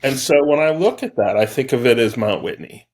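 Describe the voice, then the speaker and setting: A man from Wisconsin speaks as a podcast guest, reflective and thoughtful. He talks in an unhurried, musing way at a middle pitch. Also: expressive, darkish tone. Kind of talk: casual chat.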